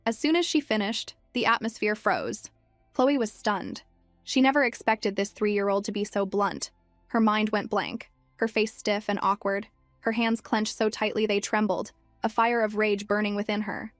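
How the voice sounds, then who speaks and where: A woman narrating a story recap in an even, measured storytelling manner. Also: mid-range voice, no echo, faint music behind.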